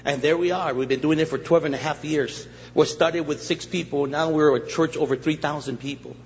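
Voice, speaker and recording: A middle-aged man preaching a testimony sermon as a guest pastor, acting out scenes and swinging from loud to hushed. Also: on the high side, fairly even intonation, a little fast. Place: church sanctuary. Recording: dull recording with long hall reverb, faint noise.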